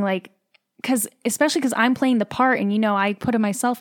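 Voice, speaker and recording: In a relaxed interview, a young woman who acts on stage talks openly, packing her speech with "like" and becoming emotional. She speaks in a mid-range voice at a moderate pace, recorded in a clean studio with no echo.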